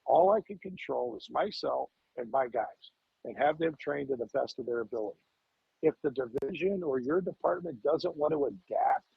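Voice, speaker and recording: On a podcast interview, a fire lieutenant in his fifties speaks emphatically, repeating words and firing off rhetorical questions. His mid-range voice is creaky with a breathy edge. The recording is dry, with no echo, and the highs are cut off.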